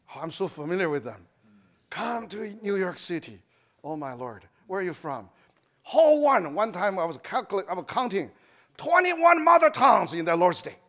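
A man's voice: sits high, fairly bright tone. A middle-aged man from China with a Chinese accent, giving a testimony sermon in broken English with many restarts. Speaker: church speaker.

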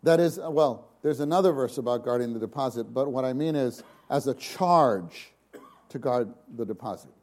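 A man preaching a sermon, shifting from hushed, slow passages to sudden loud, dramatic exclamations. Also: mid-range voice. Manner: slow, emphatic delivery.

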